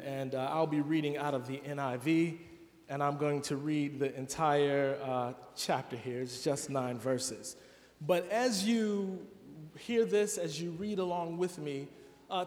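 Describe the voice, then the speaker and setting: Earnest, chatty guest preacher, male, higher register, church reverb. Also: a little mellow. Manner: earnest, conversational with filler words. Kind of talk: sermon. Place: church sanctuary. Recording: long reverb of a church hall.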